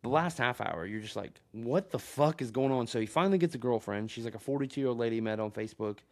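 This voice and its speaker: Man, casual podcast chat, crude rambling storyteller, laughs a lot, phone recording, middle pitch. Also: fast. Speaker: podcast co-host.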